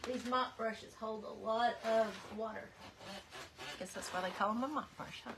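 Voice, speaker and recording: A woman's voice: fairly high pitch, normal speed, background noise. A woman hosting a live craft demonstration at her home craft table, chatting in a rambling way and greeting viewers by name as she works. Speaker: craft livestream host.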